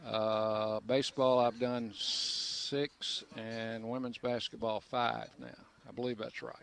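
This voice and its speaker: A man's voice: mid-range voice, flat delivery, slow pace, gravelly, a bit bright. An older man, a veteran sports broadcaster, chatting easily as a radio guest on an outdoor patio, telling stories with chuckles and lots of restarts. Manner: easygoing storyteller, frequent uh fillers and restarts, chuckles. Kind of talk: relaxed reminiscing radio interview.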